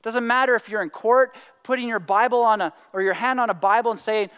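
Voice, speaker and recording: A man preaching a sermon in an animated way, acting out excuses in little voices and dropping to quiet emphasis. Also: extremely high pitch, fairly quick, few pauses, smooth, big-room sound. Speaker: pastor.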